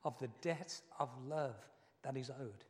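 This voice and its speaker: A man's voice: mid-range voice, measured pace, big-room sound. A middle-aged man preaching a sermon as pastor, earnest and emotional, repeating his key phrases.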